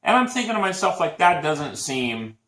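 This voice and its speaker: A man's voice: fairly high pitch, moderate pace. Guy cohosting, storytelling with lots of ups and downs in his voice, roomy echo. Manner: animated storytelling, acts out quotes. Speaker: podcast co-host. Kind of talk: casual chat. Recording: echoey room.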